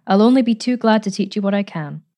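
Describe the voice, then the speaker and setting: A woman's voice: mid-range voice, animated, fast talker, warm tone, pitched above the performer's own voice, close to an everyday voice. A woman reading a storybook, voicing an eager, timid eighteen-year-old girl who speaks earnestly and stammers a little.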